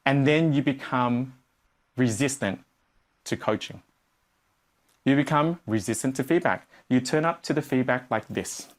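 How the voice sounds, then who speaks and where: A man teaching a business course to a live audience, animated and playful, swinging between loud bursts and quiet asides. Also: mid-range voice, measured pace, pauses often. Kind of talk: energetic live workshop teaching. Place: training room with a live audience.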